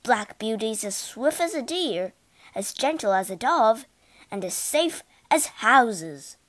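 A woman voicing a kind, steady male groom in a storybook, speaking earnestly and encouragingly. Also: on the high side, slow. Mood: praising. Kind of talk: storybook reading.

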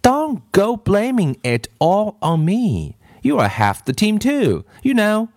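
A man puts on a stubborn, eager schoolboy for a storybook read-aloud. He sounds insistent and a little defensive, with lively swings in pitch. The recording is dry and close. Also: measured pace, slightly rough, no echo, heavily acted. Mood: indignant.

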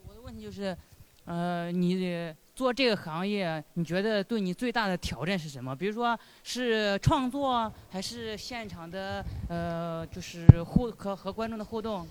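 A man in the audience who asks the guest a question, pausing and using fillers as he goes. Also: high voice, a little mellow, clear, resonant tone. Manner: hesitant, with fillers. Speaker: audience member asking a question.

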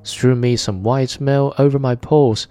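A man's voice: medium pitch, steady tone, a little slow, warm tone, faint music behind, close to an everyday voice. A man voicing a cunning, hungry male wolf who coaxes and threatens, reading a fairy tale aloud. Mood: demanding.

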